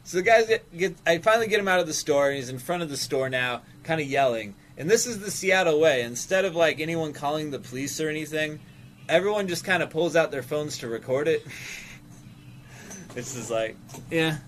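A man's voice: on the high side, animated, brisk, a bit bright, a little hiss or hum. A man telling a rambling story on his stream, swearing freely and easily distracted. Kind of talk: casual storytelling on a live stream.

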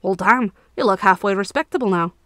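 A smirking male knight, sly and amused, tossing off brash, casual jokes in a storybook reading, as a woman narrator puts him on. He speaks at a middle pitch, and the sound is dry and close. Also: fairly quick, dry recording, natural voice. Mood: teasing.

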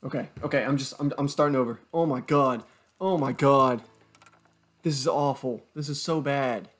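A man's voice: medium pitch, moderate pace, a bit bright. A young man commentating his own gameplay, exasperated, swearing and groaning at his bad luck. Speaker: gaming YouTuber.

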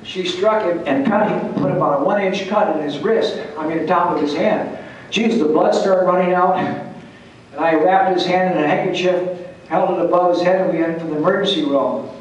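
This older man sits high in pitch as he tells folksy, salty stories from his Air Force flying days, chuckling and restarting, to a meeting audience. It's a historical society gathering in a large hall, captured from a distance with heavy echo and slight background noise.

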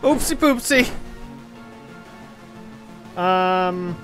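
Brief: excitable man narrating gameplay, lively swooping pitch, unhurried delivery, cursing freely. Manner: excitable, profane, swinging between shouts and mutters. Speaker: gaming video host. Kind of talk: live gameplay commentary. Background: game music.

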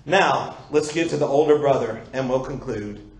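A man preaching a sermon as pastor, asking his congregation rhetorical questions and breaking into loud exclamations. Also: mid-range voice, normal speed, slight background noise. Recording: echoey church room.

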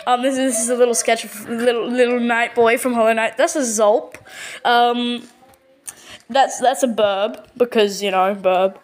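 A woman with an Australian accent casually narrating a showcase of her own artwork, stumbling over words and filling pauses with lots of ums. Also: a little high, steady tone. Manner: hesitant, full of ums and repeated words. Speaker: channel owner.

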